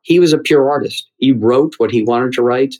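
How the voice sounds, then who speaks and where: A middle-aged man from the United States, a theater critic, telling anecdotes in conversation in an animated way, often repeating words. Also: medium pitch, normal speed, poor audio.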